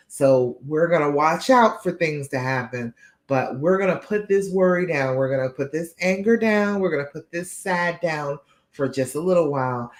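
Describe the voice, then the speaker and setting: Reassuring woman coaching live viewers. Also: deep voice. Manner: warm, reassuring, talks straight to viewers; frequent "all right?" and "okay?" check-ins. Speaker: relationship coach, live show host. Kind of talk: live-streamed coaching talk.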